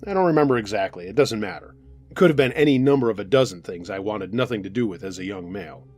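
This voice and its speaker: A man narrating a true scary story in a calm, steady reading voice. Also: fairly low pitch, fast talker, soft background music. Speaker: narrator reading listener stories. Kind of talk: scripted horror story narration.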